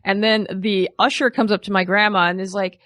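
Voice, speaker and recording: A young woman chatting on a podcast, telling lively stories and acting out the people in them. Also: medium pitch, a little fast, no echo, studio quality. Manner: animated storyteller, acts out quotes. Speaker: podcast guest. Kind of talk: casual chat, storytelling.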